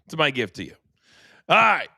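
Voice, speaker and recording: Male sports talk host, playful and teasing, brightly toned and dry. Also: fairly high pitch, very animated, moderate pace, gravelly, slightly rough, dry recording. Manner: playful, teasing, hands out segments.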